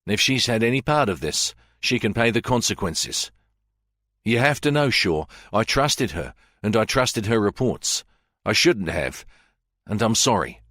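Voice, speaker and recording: A man plays a remorseful senior colleague who explains himself earnestly and apologizes. His low voice swings lively, recorded dry and close. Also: unhurried, no room sound, full character voice.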